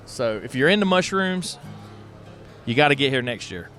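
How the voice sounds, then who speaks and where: A man hosting an unscripted festival walkthrough, excitable and folksy, talking straight to viewers on a handheld mic. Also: mid-range voice, moderate pace, faint music behind. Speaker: host walking a pottery festival. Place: outdoor festival grounds. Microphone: handheld microphone.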